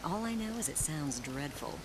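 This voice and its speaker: A woman's voice: low voice, expressive, normal speed. An actress voicing a female passerby who talks in a chatty, gossipy way. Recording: distant game audio with noise.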